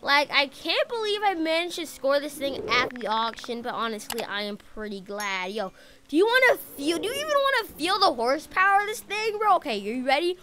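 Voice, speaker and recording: A woman narrating her own driving role-play in a game in a chatty, excitable way, tossing out "bro" and "dude" as she talks. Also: sits high, fairly quick, slight background noise. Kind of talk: casual in-character game role-play commentary.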